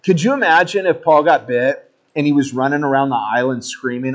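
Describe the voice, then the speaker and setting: A man's voice: mid-range voice, brisk, dull audio. Man preaching a casual, storytelling sermon. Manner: conversational, animated storytelling with jokey asides. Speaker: pastor.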